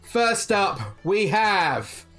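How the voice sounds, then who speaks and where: A game master voicing a female innkeeper who announces the teams of a tavern drinking contest in slow, drawn-out calls. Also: medium pitch, animated, a bit bright, faint music behind, voice pushed up. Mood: grand announcing.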